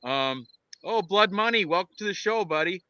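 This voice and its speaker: Guy with a really bright voice going on about fight picks, kinda rambly, slightly dull lo-fi sound, dry room. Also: high voice, moderate pace, dry recording. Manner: rambling, excitable, lots of restarts. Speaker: podcast co-host and fight picker. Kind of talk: casual fight-picks chat.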